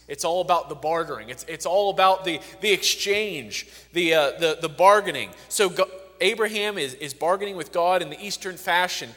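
A man with a high, light voice delivers a sermon. He reads the scripture with building emphasis and often restarts a phrase before pressing on. His voice trails off in the long reverb of a large hall. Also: sharp tone. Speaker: preacher.

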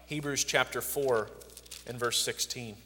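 A man's voice: mid-range voice, unhurried, sharp tone, big-room sound, slight background noise. A man preaching a sermon, reading scripture aloud with rising emphasis and often restarting phrases.

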